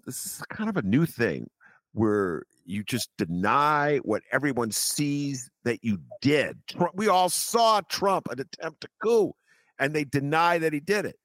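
A man hosting a political talk radio show, animated and incredulous as he chats with his guest. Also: medium pitch, no room sound.

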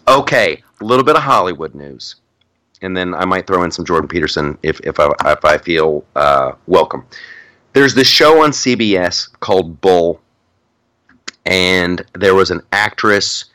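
A man's voice: low voice, animated, moderate pace, pushed and bright, no room sound. A middle-aged man hosting a podcast in casual chat, rambling with many restarts and frequent laughter. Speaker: podcast host.

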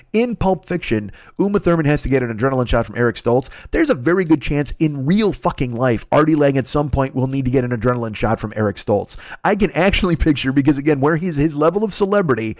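A man hosting a podcast, delivering a profane, incredulous comedic rant and mocking people in a high whiny voice. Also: animated, brisk, darkish tone, no room sound, clean studio sound. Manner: heavy swearing, ranting, incredulous; mocks others in a high whiny voice. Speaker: podcast host.

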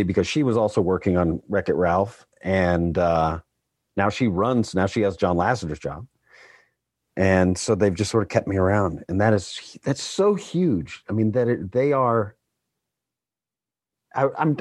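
A male voice actor tells stories about his work in a casual, self-deprecating way. His voice is lowish and the recording is dry, with no room sound. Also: no echo. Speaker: guest voice actor. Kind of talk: casual interview chat.

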